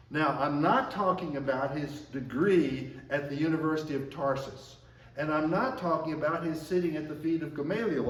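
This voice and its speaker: A man preaching a sermon at a measured pace, slowing down when he quotes scripture. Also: fairly high pitch, distant mic, a little hiss or hum. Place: church sanctuary. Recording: echoey room, mic from afar.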